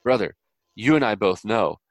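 A man as an interview guest, talking earnestly and animatedly, with lively quoted voices and preacher-like biblical illustrations. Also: lowish voice, moderate pace, no echo. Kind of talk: conversational interview.

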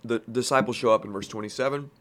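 A mid-range male voice leads a conversational Bible-teaching podcast, speaking fast. He's folksy and plain-spoken, dropping in casual asides as he walks through the text.

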